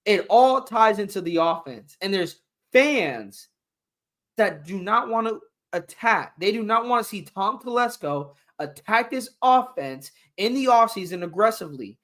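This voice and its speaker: A man's voice: high voice, very animated, measured pace, pushed and bright. A man hosting a fan sports show, delivering a frustrated, heated rant with swearing. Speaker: fan podcast host.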